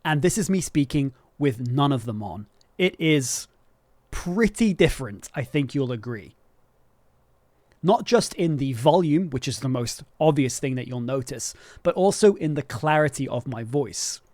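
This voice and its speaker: A man hosting a tutorial on microphone quality for live streaming, explaining clearly and demonstrating his voice at different volumes. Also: mid-range voice, lively intonation, a little slow, a little mellow, no echo. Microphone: studio microphone with processing.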